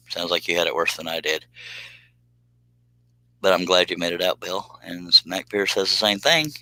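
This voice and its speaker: A low-voiced man with a drawl talks casually through a live stream from his workshop. His tone is bright and forward despite the deep pitch. He rambles, pokes fun at himself and chuckles as he works. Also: no room sound, poor audio. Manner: rambling, self-deprecating, chuckles often. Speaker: live stream host reading chat. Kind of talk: casual live stream chat while working.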